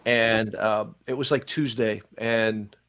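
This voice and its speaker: An older man who is a pastor and podcast host tells stories in casual church podcast chat. He speaks in a lowish voice, in animated, quick bursts.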